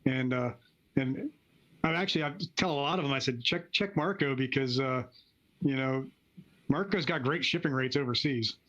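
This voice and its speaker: A man's voice: medium pitch, normal speed, a bit bright, dull audio. A man from Pennsylvania, a guest who makes pinball ramps, chatting casually and rambling with fillers. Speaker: ramp maker guest. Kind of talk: casual chat.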